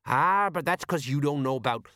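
A man's voice: a little high, lively intonation, moderate pace, pushed and bright, dry recording, clean studio sound, pitched above the performer's own voice. A man doing a pompous, blustering sergeant. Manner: self-important, blustering. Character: pompous know-it-all male watch sergeant.

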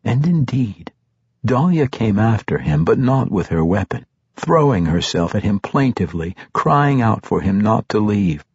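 A man with a husky voice, reading a novel aloud in a measured, steady manner. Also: lowish voice, no echo. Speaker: audiobook narrator. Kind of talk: scripted narration. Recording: dull, dry, muffled.

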